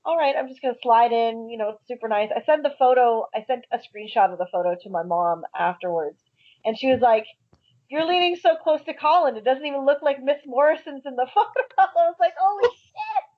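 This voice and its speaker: High, excitable woman, muffled mic. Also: brisk. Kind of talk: casual group chat.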